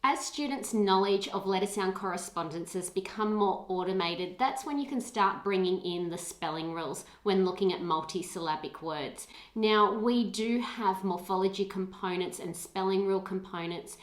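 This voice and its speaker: Aussie woman talking teachers through spelling lessons, clear and steady, bit of room echo. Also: medium pitch, moderate pace, hardly any pauses. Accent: Australian. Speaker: literacy educator narrating teaching videos. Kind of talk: instructional narration.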